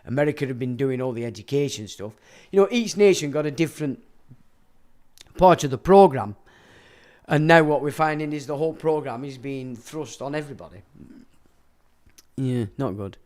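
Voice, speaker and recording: A man's voice: mid-range voice, moderate pace, a little mellow. A man, hosting a casual livestream, reading viewer comments and ranting crudely with a lot of swearing. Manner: laughs while talking. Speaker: livestream host.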